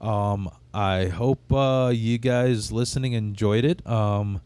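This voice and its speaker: A man's voice: fairly low pitch, steady tone, takes it slowly, a little mellow, smooth, no room sound. Profane man telling comic stories. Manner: profane, rambling comic storytelling. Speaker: podcast host. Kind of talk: casual storytelling chat. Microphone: studio microphone.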